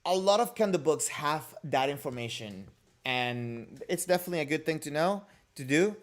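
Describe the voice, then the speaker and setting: A man's voice: fairly high pitch, expressive, normal speed. A man hosting a casual livestream, answering viewer comments and questions in a rambling, joking way with many restarts. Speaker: kendo livestream host.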